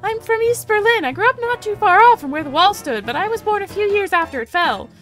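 A woman voicing a chatty, nosy young German woman tourist in her twenties, talking high and prying. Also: expressive, a little fast, a bit bright, faint music behind. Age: 20s.

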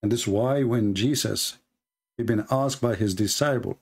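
A man hosting a religious debate, reading a text aloud and mocking it sarcastically with sudden high-pitched jabs. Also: normal speed, vocal fry, darkish tone, breathy edge. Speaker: debate host.

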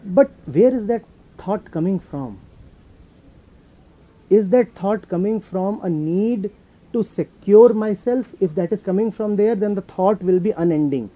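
At an indoor talk venue, a spiritual teacher from India with an Indian accent answers a question emphatically, repeating key words. His voice is high-pitched and unhurried, and the audio is dull with faint noise.

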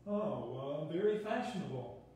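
A man's voice: on the high side, animated, warm tone, slight background noise. Man reading a dry awkward composer. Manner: dry, hesitant, with filler pauses. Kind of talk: reader's theater play reading. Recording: echoey room, far from the mic.

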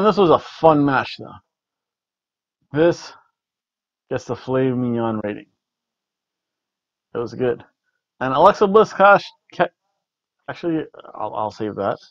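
A man's voice: on the high side, dry recording. A man casually reviewing a wrestling event, rambling and repeating words as he rates matches with food jokes. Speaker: podcast co-host reviewing wrestling. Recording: dull lo-fi dry recording.

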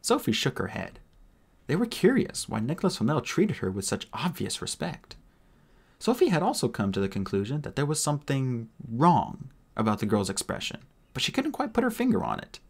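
A husky male narrator reads a fantasy novel aloud, reading in a casual, amateur style. His pitch swings in a lively way through each sentence. He voices the characters with energy. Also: normal speed. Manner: expressive, animated reading with voices. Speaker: audiobook narrator.

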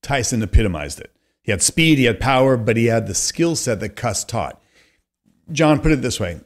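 A man in his fifties from California, a podcast guest telling long animated stories and acting out the voices of people he quotes. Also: mid-range voice, moderate pace. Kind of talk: conversational storytelling.

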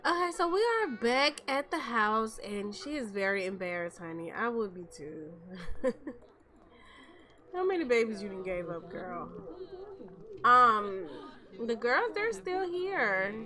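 A young woman gives relaxed game commentary into a desk microphone. Her voice sits a bit high and sounds bright, and she takes her time. She talks straight to her viewers. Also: a little slow, pauses often. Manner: chatty, talks to viewers as "y'all". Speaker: gameplay commentator.

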